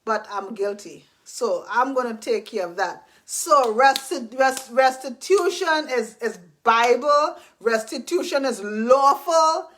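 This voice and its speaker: A woman's voice: fairly high pitch, expressive, slow pace, few pauses, a bit bright. A woman giving earnest, faith-based life advice in a casual talk, repeating herself and acting out apologies. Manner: earnest and repetitive, acts out apologies.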